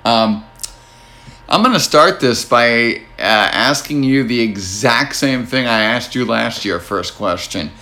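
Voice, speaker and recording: A man's voice: medium pitch, unhurried, bright, forceful tone. A man with a New Jersey accent hosting a casual sports podcast, talking in a wry, teasing, easygoing way. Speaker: podcast host.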